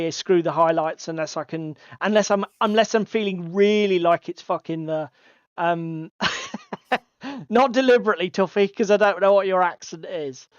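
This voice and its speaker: A man's voice: sits high, smooth, no room sound. A man hosting a casual hobby podcast, chatty and given to swearing. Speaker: podcast co-host. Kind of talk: casual chat. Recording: slightly dull lo-fi audio.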